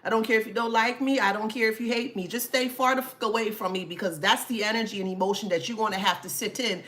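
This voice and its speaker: A woman's voice: medium pitch, fairly even intonation, fast, a bit bright. A woman hosting a casual talk to camera, sassy, laughing often and swearing freely. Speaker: channel host.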